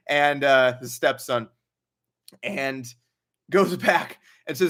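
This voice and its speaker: A man's voice: mid-range voice, slow pace, sharp tone. A young man hosting a casual livestream Q&A, reading donations aloud and chatting with a laugh in his stories. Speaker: livestream host.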